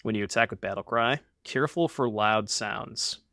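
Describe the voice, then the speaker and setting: A man's voice: lowish voice, moderate pace, pushed and bright, no room sound, studio quality. A young man streaming a card game, chatting casually and rambling to his viewers with the odd swear.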